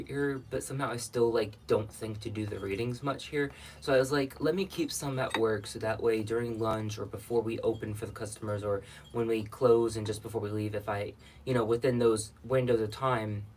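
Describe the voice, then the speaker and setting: A man's voice: medium pitch, steady tone, fairly quick, hardly any pauses, a little hiss or hum. Rambling, chatty man on a livestream. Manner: chatty, rambling, greets viewers by name. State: a little out of breath. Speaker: livestream host. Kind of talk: casual livestream chat with viewers.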